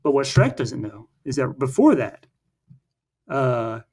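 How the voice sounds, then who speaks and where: A man's voice: medium pitch, sing-song, slow, a little mellow. A man co-hosting a casual film podcast, recapping the plot in a rambling way with many fillers and restarts. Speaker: podcast co-host.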